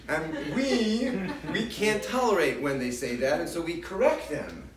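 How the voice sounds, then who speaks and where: A man's voice: on the high side, expressive, moderate pace, hardly any pauses, far from the mic. A man teaching a parenting class, talking in a chatty way with audience questions, often repeating and restarting his words. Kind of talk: casual lecture with audience questions. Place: large hall with an audience. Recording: echoey hall recorded from afar.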